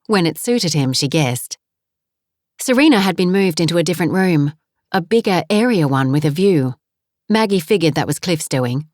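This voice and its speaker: A woman narrating a romance novel in a calm, even storytelling manner on a close studio mic. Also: lowish voice, no room sound. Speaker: audiobook narrator. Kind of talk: scripted narration.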